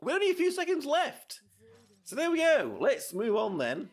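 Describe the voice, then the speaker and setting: High, lively man streaming. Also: moderate pace, soft background music. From United Kingdom. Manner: rambling, chatty, with frequent restarts. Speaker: VTuber streamer. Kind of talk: casual gameplay commentary.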